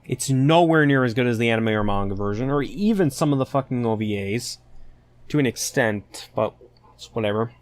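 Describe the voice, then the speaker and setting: A man's voice: medium pitch, lively intonation, normal speed, no echo. Guy ranting on his podcast, swears a lot, fed up, dry close mic. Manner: profane, exasperated, ranting. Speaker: podcast host. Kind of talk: casual solo podcast rant.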